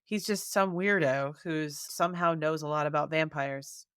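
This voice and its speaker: A woman co-hosting a podcast, chatting in a relaxed, agreeable way about a movie. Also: sits low, normal speed, clean tone, no echo, clean studio sound. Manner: easygoing, agreeable, laughs often. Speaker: podcast co-host. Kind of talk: casual movie review chat.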